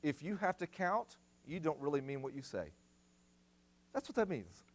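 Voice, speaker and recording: A middle-aged man preaching in a church, his pitch climbing and dropping freely as he drives each point home. He repeats short commands for stress and talks straight to the congregation. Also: very animated, normal speed. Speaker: guest speaker at family seminar. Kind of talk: sermon.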